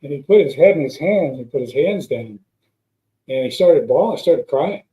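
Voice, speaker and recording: A man's voice: fairly high pitch, expressive, moderate pace, mellow. A man, a guest pilot, telling long rambling anecdotes in a casual chat, with many restarts. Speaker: guest, former stunt pilot. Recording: roomy echo.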